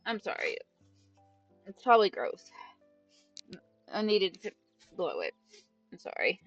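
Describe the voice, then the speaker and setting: A woman's voice: mid-range voice, sing-song, a little slow, dry recording. A young woman streaming a game, chatting casually in an apologetic, rambling way into a headset mic. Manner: apologetic, self-conscious, rambling. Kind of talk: casual gameplay chat. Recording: dull, distant, dry, game music behind.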